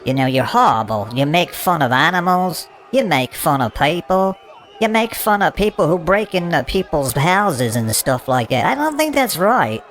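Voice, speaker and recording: A man's voice: fairly high pitch, very animated, normal speed, fairly bright tone, a faint crowd. A man playing an indignant English male protester in a comedy sketch, belligerent and stammering.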